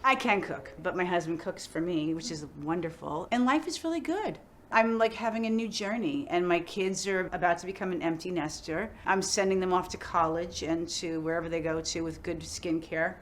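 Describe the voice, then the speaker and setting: A middle-aged woman talks freely in an interview, her voice sitting on the lower side. She rambles in an animated way, leaning on "like" and quick asides. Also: a little hiss or hum. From United States. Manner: chatty, animated, many "like" fillers. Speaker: actress interviewee. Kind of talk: casual interview chat.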